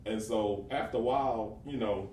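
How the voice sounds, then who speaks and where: A man's voice: on the low side, mellow. An older man and father chatting casually with his grown sons, rambling and restarting his sentences. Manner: rambling, halting, many fillers and restarts. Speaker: father and teaching pastor. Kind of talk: casual family chat. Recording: roomy, distant mic with faint noise.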